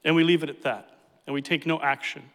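A man's voice: a little high, steady tone, fast talker, a bit bright. A man pastor preaching a sermon, emphatic and repeating key phrases for effect. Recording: reverberant hall.

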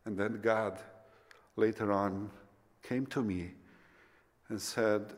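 Guy preaching a sermon, slow and low, big echoey church sound. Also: fairly even intonation. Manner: impassioned, rising to near-shouts then dropping to soft whispers. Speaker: pastor. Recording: long reverb of a church hall.

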